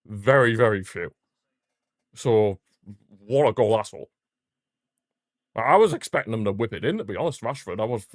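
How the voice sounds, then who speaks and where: Excitable fan streamer, dry close mic. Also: male voice, lowish voice, no echo. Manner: excitable fan, bursts into shouting at goals. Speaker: football watchalong streamer. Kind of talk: live match watchalong commentary.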